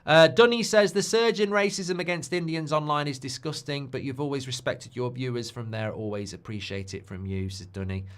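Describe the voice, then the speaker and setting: A man chats loosely on a live football watchalong. He is jokey and easygoing, reading viewers' comments aloud and riffing on them between thoughts. His voice sits at an ordinary middle pitch. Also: steady tone, fairly quick, hardly any pauses, clear, resonant tone. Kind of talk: casual live-stream chat.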